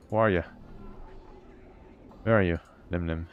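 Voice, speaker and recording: A man's voice: sits low, steady tone, unhurried, highs cut off, slight background noise. A man casually playing through a video game, reading its text aloud and chatting about it. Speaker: gamer.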